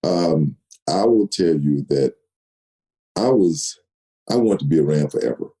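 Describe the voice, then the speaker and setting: A man in his sixties, a guest in an interview, telling stories with lively delivery and acting out quoted dialogue. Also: rumbling low, unhurried, low-quality recording. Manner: animated storyteller, acts out quoted dialogue. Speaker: guest, retired football player. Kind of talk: storytelling interview.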